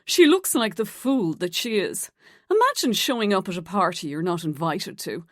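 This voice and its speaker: A woman's voice: mid-range voice, very animated, moderate pace, no room sound, clean studio sound. A woman narrator voicing a catty, sneering woman office gossip with an affected South Dublin accent. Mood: spiteful.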